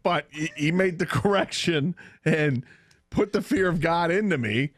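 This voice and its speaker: A man's voice: fairly high pitch, normal speed, no room sound, clean studio sound. A man co-hosting a sports radio show, chatting casually and telling a story with laughs.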